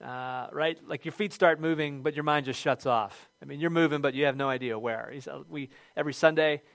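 Guy pastor doing a sermon, middle-aged, tells stories all excited, dry close mic. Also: fairly high pitch, a little fast, no echo. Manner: storytelling, animated with shouted quotes.

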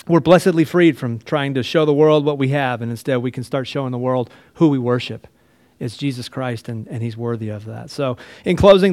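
A man's voice: medium pitch, a little mellow, dry recording. Earnest male pastor preaching. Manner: earnest, conversational preaching with frequent "right?" asides. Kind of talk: sermon.

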